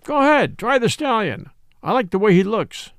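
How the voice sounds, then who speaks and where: A man's voice: sits high, big pitch swings, moderate pace, no echo, studio quality, voice pushed up. A man doing stubborn frontier guide Jones. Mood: insistent. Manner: insistent, matter-of-fact.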